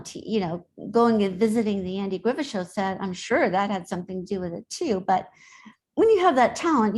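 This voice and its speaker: A middle-aged woman speaking as an interview guest, chatty and telling stories with frequent laughs. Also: mid-range voice. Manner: chatty, storytelling, laughs often. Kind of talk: casual interview talk.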